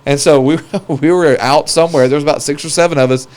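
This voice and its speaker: High-voiced man, rambling stories. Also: fairly even intonation, fast, a little mellow. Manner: rambling, laughing storyteller. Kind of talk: casual storytelling chat.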